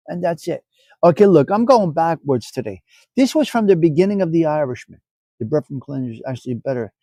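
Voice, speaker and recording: A middle-aged man hosts a live stream in loose, foul-mouthed banter with his chat. His voice sits a little high for a man yet sounds mellow and relaxed. The sound is dry and close, with no room around it. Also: no room sound. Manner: loose, profane, joking banter. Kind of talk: casual chat with live chat viewers.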